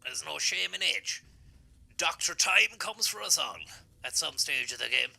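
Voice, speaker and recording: A man's voice: on the high side, lively intonation, unhurried, gravelly, sharp tone, slightly rough. A man co-hosting a gaming stream, chatting in a rambling, folksy, joking way. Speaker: stream co-host. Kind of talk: casual gaming stream chat.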